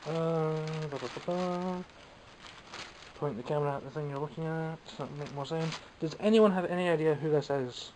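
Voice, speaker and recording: A Scottish man with a slightly high voice speaks at a moderate pace as he casually presents toys he bought, poking fun at himself. He's a toy collector vlogging against a noisy background.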